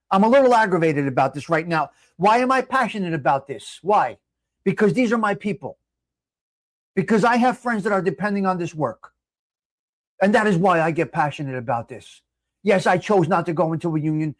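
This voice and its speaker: Furious cursing New man, high-pitched. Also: no room sound. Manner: angry, profane, shouting at times. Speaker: livestream host. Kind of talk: heated livestream rant.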